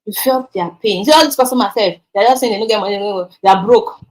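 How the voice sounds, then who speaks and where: A woman's voice: mid-range voice, racing, poor audio. A woman with a Nigerian accent teaching a sales training, emphatic and repeating words for stress. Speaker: sales coach.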